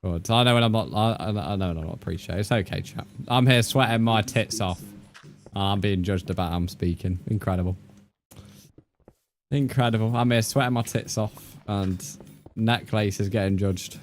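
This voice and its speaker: A man's voice: on the low side, moderate pace, slight background noise. A young man streaming a game, chatting casually with viewers, joking, swearing and reacting to their comments.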